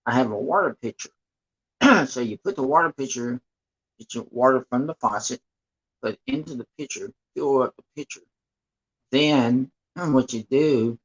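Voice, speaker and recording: Slow rambling man clearing his throat. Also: medium pitch. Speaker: livestreamer painting for viewers. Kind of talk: casual live-stream chat. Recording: dull lo-fi stream audio.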